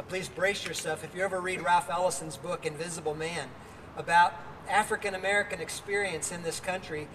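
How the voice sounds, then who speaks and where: Older male pastor, high voice, earnest outdoor sermon, heard from far off with reverb and faint background noise. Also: fairly bright tone. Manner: earnest, with fillers and restarts.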